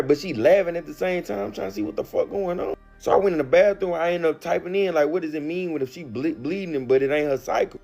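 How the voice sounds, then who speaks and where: A young man telling a crude, slangy, animated storytime monologue. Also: mid-range voice.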